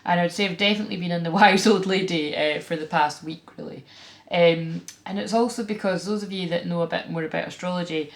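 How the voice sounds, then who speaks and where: A woman's voice: fairly low pitch, brisk. A Scottish woman hosting a spiritual reading vlog, talking frankly and chattily with plenty of fillers and asides. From Scotland. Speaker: tarot reader and spiritual channeler. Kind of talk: casual spiritual vlog talk.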